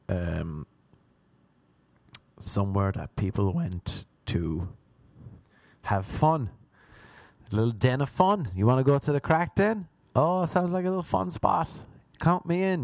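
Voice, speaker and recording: A man's voice: mid-range voice, no echo. A young Irish man hosting a podcast and telling a rambling, playful comic story. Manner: playful, deadpan absurd storytelling. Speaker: comedian podcast host.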